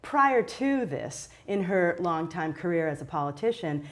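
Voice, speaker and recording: A woman's voice: fairly low pitch, very animated, a little slow. A middle-aged American woman, a teacher, answering interview questions in a chatty way with many fillers. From United States.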